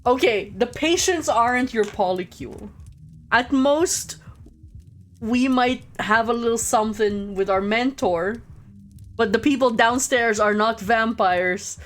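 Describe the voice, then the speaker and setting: A woman's voice: on the high side, measured pace. A woman streaming a video game, giving casual, joking commentary and laughing often.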